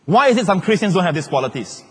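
A pastor preaching a sermon, joking with the congregation and acting out quotes. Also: male voice, high-pitched, fast talker, breathy edge. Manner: animated, joking, acts out quotes. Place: large church hall. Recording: long reverb of a large hall.

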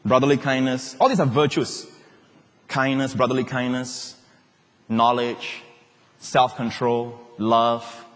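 A pastor preaching a sermon, joking with the congregation and acting out quotes. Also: male voice, mid-range voice, slow pace. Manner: animated, joking, acts out quotes. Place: large church hall. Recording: long reverb of a large hall.

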